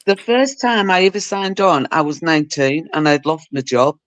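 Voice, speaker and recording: A man's voice: fairly high pitch, animated, normal speed, fairly bright tone, no echo. A man hosting a live stream, chatting casually, teasing and swearing a lot. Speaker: livestream host. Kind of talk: casual chat. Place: live stream group call.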